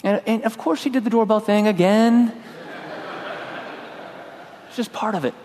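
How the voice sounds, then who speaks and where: A middle-aged man preaching a sermon in a relaxed, conversational way, telling a personal story and acting out his own lines. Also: sits high, moderate pace, slight background noise. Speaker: pastor. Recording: long hall reverb.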